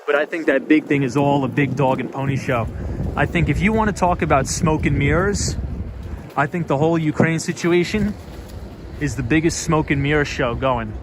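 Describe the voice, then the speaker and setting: A man hosting a relaxed live stream as he walks through busy city streets, talking in a fairly high voice. He chats and answers viewer comments in an easygoing way. Steady street traffic noise sits clearly behind his voice. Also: normal speed. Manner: chatty, reads viewer comments aloud and answers them. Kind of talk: casual live-stream chat.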